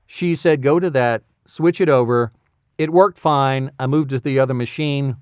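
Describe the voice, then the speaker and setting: A man's voice: medium pitch, animated, normal speed, smooth, dry recording, studio quality. A man who works as a voice actor, chatting casually in a rambling, self-amused way and getting sidetracked easily. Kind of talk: casual talking-head vlog.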